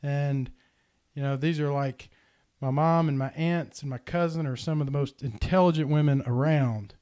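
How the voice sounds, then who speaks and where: A man telling a heartfelt personal story in a casual podcast chat, earnest and animated. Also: fairly high pitch, moderate pace. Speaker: podcast host.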